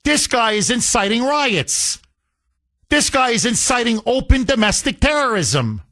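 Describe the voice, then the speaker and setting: Male talk radio host with a high, very lively voice and a slow, punchy delivery. He is combative and impassioned. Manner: impassioned, combative, repetitive rhetoric.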